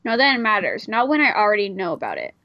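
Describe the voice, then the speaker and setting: A woman's voice: mid-range voice, huge pitch swings, fast talker, dry recording, muffled recording. A woman reading a visual novel aloud in a casual way, breaking off for irreverent, swearing asides. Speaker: player reading a game aloud.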